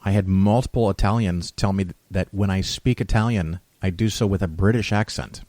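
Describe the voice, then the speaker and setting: A man's voice: sits low, a little fast, a little mellow, dry recording. A man hosting a casual interview, chatty and joking. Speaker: host.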